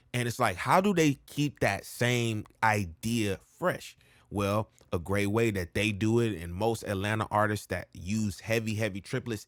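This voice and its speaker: A man's voice: lowish voice, no room sound, clean studio sound. A man giving a laid-back, slangy rap coaching lesson, often checking in with "all right?". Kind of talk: casual music lesson with rap demos.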